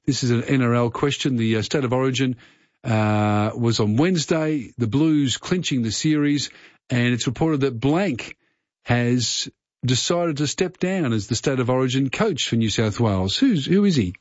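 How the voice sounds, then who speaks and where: A man's voice: mid-range voice, animated, moderate pace, dry recording. A man with an Australian accent hosting a phone-in quiz on talkback radio, friendly and rambling with fillers and restarts. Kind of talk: casual talkback radio chat. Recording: slightly muffled radio broadcast.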